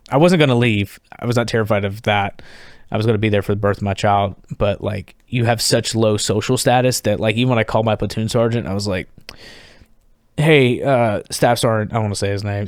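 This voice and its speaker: A man's voice: fairly low pitch, no echo. Man, 30s, podcast guest, candid casual storytelling, curses freely, dry close mic. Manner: candid, swears freely, acts out shouted quotes. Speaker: podcast guest, military veteran.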